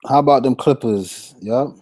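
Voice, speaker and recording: Young guy on a fantasy sports stream, slangy and hyped, mellow tone, dry close mic. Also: medium pitch, moderate pace, no room sound. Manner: slangy, animated, reads chat shout-outs. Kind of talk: casual live-stream chat.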